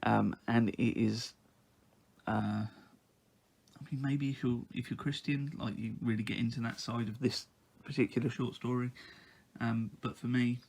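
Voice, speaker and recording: Gravelly-voiced man reviewing books. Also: medium pitch, level tone, unhurried, darkish tone. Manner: hesitant, many ums and uhs. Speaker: book reviewer. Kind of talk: casual book review.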